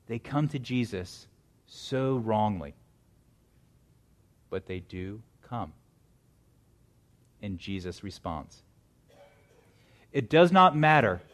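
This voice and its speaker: A male pastor preaching a sermon, building to loud, dramatic swells and dropping to hushed, quiet lines. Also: medium pitch.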